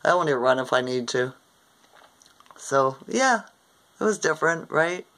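This older woman, a vlogger from Ontario, Canada, speaks unhurriedly in a low, fairly bright voice with lively intonation. She rambles casually about a dream, tacking "right?" onto many sentences, and the recording is rough.

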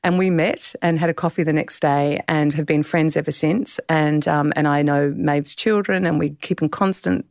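A woman in her fifties with an Australian accent tells a tender family story, often stopping and restarting her sentences. Her voice sits low with a gravelly, creaky edge, and at times she sounds close to tears. The recording is dry and close, with no room sound. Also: steady tone, no echo. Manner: tender, halting, with many restarts. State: tearful at times. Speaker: guest author. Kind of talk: emotional personal storytelling.

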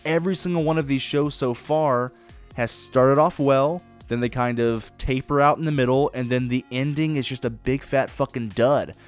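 A man hosting his own podcast, giving a blunt, profane, excitable solo review and acting out quoted lines. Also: medium pitch. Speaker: podcast host reviewing shows. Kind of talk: casual solo review monologue.

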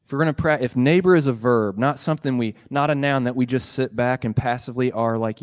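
Pastor guy preaching, chatty and animated, does little voices for the people in the story. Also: mid-range voice, fast, few pauses. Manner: animated, acts out the dialogue in voices; conversational, with fillers and laughs. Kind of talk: sermon retelling a gospel story.

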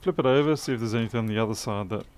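A man's voice: mid-range voice, very fast, a little mellow, clean tone. A man talking through a circuit board repair live, thinking aloud in a methodical, muttering way. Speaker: electronics repair technician. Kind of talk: live repair stream commentary.

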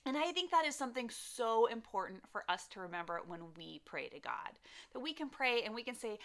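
A woman's voice: fairly high pitch, very animated, a little fast, a bit bright. A young woman teaching a children's church lesson, telling the story animatedly and acting out the characters.

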